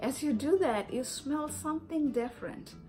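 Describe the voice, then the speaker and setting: A woman's voice: high-pitched, measured pace, darkish tone, soft background music. A young woman vlogger from India telling a story straight to the viewer, acting out little quoted voices as she goes. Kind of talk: storytelling to camera.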